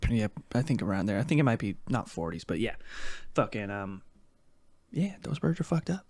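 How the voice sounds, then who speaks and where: A man co-hosting a casual podcast, bantering in a relaxed, profane way with quick jokes. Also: on the low side, dry recording. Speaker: podcast co-host.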